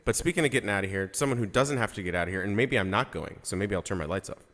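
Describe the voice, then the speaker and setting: A man's voice: on the low side, rapid-fire, a bit bright. A man chatting casually on a video call as an open mic regular, rambling with lots of filler words and laughing as he talks. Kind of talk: casual chat.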